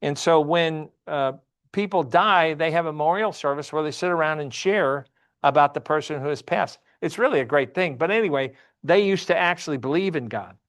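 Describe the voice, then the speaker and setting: A man's voice: a little high, a little fast, a bit bright. A man teaching a church Sunday class, often asking the class questions and repeating himself.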